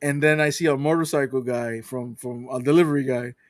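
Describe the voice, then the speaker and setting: A man with a Latin American Spanish accent, a native Spanish speaker, co-hosting a podcast over an online call and telling stories in a lively, swearing, casual way. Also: medium pitch, fairly quick, dry recording, clean studio sound. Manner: animated storyteller, swears freely. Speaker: podcast co-host. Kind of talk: casual chat. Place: Panama.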